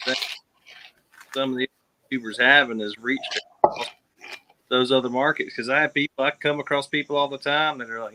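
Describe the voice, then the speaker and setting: Bright-voiced man, halting casual talk. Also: medium pitch, steady tone, slight background noise, low-quality recording. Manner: hesitant, many fillers. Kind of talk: casual chat.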